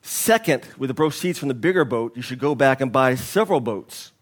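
A man's voice: mid-range voice, expressive, fairly quick, natural voice. A male preacher voicing an eager, salesy businessman in a sermon story who lectures in a pushy way.

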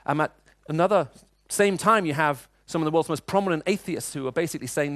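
A man's voice: fairly high pitch, quick pace, hardly any pauses, no room sound. Conversational male preacher, dry sound. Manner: storytelling, conversational, frequent restarts. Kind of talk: sermon with personal stories.

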